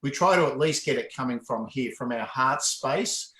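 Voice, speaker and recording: A man leading laughter exercises in an interview, explaining in an animated way and breaking into hearty laughs. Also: mid-range voice, moderate pace. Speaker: laughter yoga facilitator. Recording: roomy echo.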